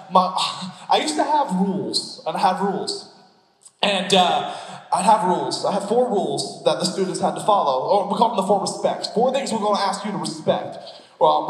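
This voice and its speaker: A male pastor preaching a sermon, telling stories with an animated, playful manner and quick asides. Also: high-pitched. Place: church sanctuary. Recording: echoey church hall.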